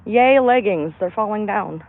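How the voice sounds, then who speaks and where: A woman's voice: mid-range voice, expressive, a little slow, no room sound. A woman on a livestream, venting bluntly and emphatically and swearing freely as she talks. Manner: blunt, profane, emphatic ranting. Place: outdoors in a park. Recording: tinny phone-like, dry sound.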